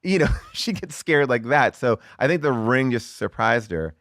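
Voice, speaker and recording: A middle-aged man chatting as a guest, telling a story in a lively way with lots of fillers and some swearing. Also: medium pitch, normal speed, no room sound, studio quality. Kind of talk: casual chat.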